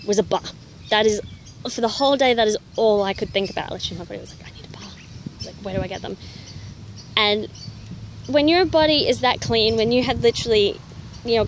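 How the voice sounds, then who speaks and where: Young female fitness vlogger, animated casual storytelling, outdoor noise behind her. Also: on the high side. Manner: animated, chatty, heavy on "you know" fillers. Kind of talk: casual personal storytelling to camera.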